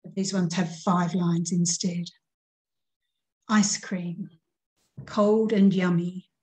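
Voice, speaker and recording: A woman's voice: fairly low pitch, steady tone, slow pace, a little mellow, low-quality recording. A middle-aged woman teacher giving a recorded grammar lesson, patiently walking through examples and counting out syllables.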